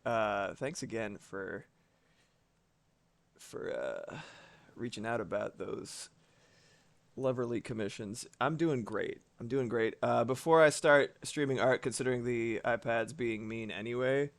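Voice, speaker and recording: A man's voice: mid-range voice, measured pace, creaky, dry recording. A man streaming live from home, chatting casually with his audience and swearing now and then.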